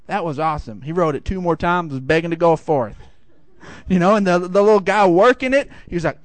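A middle-aged man preaching with a fairly high voice, telling a personal story in an animated way. The sound is dry and close, with almost no room around it. He leans into each moment of the story before bringing it back to the sermon. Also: a little fast, dry recording. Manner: animated storytelling, rising high for acted quotes. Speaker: pastor.

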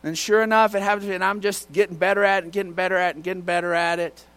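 A male pastor preaches to his church, his voice sitting on the high side. He tells homespun stories in a loose, conversational way. Every so often he breaks into a sudden shout. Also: steady tone, racing. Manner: folksy storytelling with bursts of shouting. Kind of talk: sermon.

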